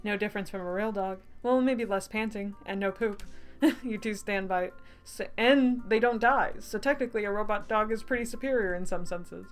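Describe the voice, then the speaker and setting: A woman's voice: mid-range voice, moderate pace, faint music behind. A woman streaming a game she helped make, reading the text aloud and chatting casually, laughing often. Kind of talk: casual let's-play narration.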